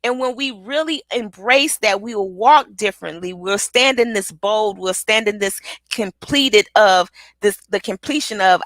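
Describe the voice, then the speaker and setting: A woman giving an energetic motivational pep talk, repeating affirmations with rhythmic call-and-response. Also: medium pitch, a little slow, dry recording. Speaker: motivational speaker and author.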